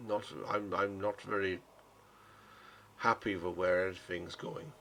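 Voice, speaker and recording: A man doing a soft-spoken weary townsman. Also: deep voice, level tone, measured pace, a little hiss or hum. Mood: earnest. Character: gentle foreign male townsman, weary but hopeful.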